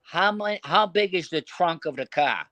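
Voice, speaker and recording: A man's voice: fairly high pitch, lively intonation, normal speed, bright, forceful tone, dry recording, pitched above the performer's own voice. A man putting on the voice of a tough, menacing mobster with a thick Boston accent. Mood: menacing joking.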